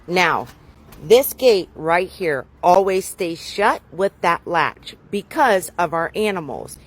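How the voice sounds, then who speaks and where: A woman's voice: on the low side, animated, slow pace, breathy edge. A woman outdoors at her home, earnestly telling a frightening experience. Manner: earnest, shaken storytelling. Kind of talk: casual story time.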